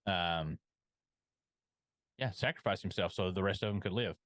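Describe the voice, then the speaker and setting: A man co-hosting a podcast in casual chat, adding joking asides and quick agreement to his partner's recap. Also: deep voice, fairly bright tone, no room sound. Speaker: podcast co-host.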